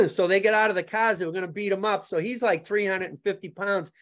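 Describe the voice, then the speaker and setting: Speaking fairly quickly in a high voice, a man who teaches martial arts trades jokey anecdotes as a podcast guest. He has trouble with his R sounds throughout the casual conversation.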